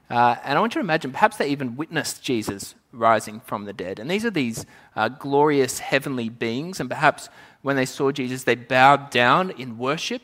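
A man's voice: on the high side, a bit bright. A man preaching a sermon in a church, speaking into a microphone. He talks in a conversational way, tells stories and asks the congregation questions.

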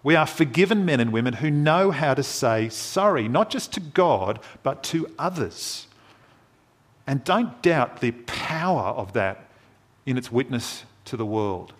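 Earnest male preacher, measured sermon. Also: mid-range voice, lively intonation. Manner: earnest, measured, with dramatic pauses.

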